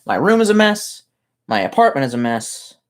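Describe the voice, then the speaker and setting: A man's voice: medium pitch, sing-song, moderate pace. A man streaming from his messy room at home, chatting casually as he reads out viewer comments, rambling and swearing and muttering asides. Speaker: livestreamer reading chat comments. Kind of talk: casual livestream chat.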